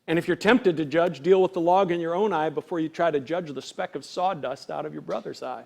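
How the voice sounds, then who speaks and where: A male pastor preaches an earnest sermon in a fairly high, gravelly voice at a brisk pace, speaking conversationally and relying on rhetorical questions. Acting out quoted voices, he moves from loud declarations to near-hushed lines.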